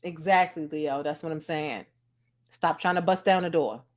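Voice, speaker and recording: A woman's voice: low-pitched, normal speed. A woman giving casual commentary as a vlogger, blunt, sassy and profane as she sums up a court day from home.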